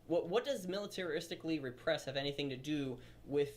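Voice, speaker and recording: A man's voice: a little high, a little fast. A man giving opinionated video commentary, rambling and stumbling over his words.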